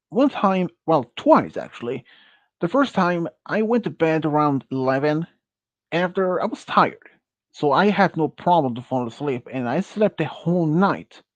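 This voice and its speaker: A Swedish-accented man chats with friends on a stream, rambling and halting as he corrects himself. His voice sits a little high. The recording is dry and a bit muffled. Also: no echo. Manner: rambling, halting, self-correcting, laughs often. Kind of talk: casual chat with friends. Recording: muffled dry close mic.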